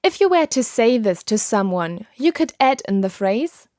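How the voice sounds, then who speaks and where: Woman podcast language teacher; measured, clearly enunciated, close mic, dry booth. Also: a little high, very animated, a little mellow, no echo. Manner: patient, slow and clearly enunciated instruction. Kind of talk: scripted podcast lesson.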